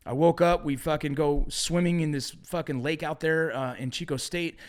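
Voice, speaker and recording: A middle-aged man telling stories from his past as a podcast guest, swearing a lot and slinging slang in casual, animated talk. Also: fairly high pitch, normal speed. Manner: profane, animated storytelling with slang like bro and dog. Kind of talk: casual storytelling conversation.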